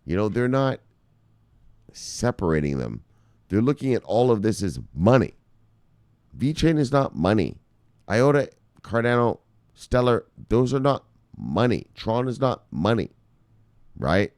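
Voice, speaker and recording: A man's voice: fairly low pitch, sing-song, measured pace, pauses often, a little mellow, dry recording, clean studio sound. A man hosting a crypto news vlog, ranting casually with lots of swearing and laughing asides. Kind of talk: casual profane news commentary.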